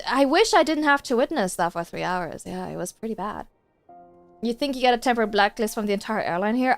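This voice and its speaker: A woman streamer telling a story in casual chat while gaming, animated and exasperated, swearing freely. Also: on the high side.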